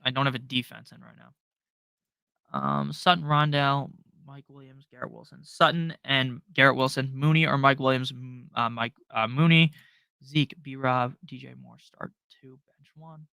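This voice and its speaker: Young man, livestream host, bright crisp voice, dry close sound, quick joking profane delivery. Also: medium pitch, fairly even intonation, no room sound. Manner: fast, profane, joking, reads viewer questions aloud. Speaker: fantasy football livestream host. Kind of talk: rapid-fire live Q&A.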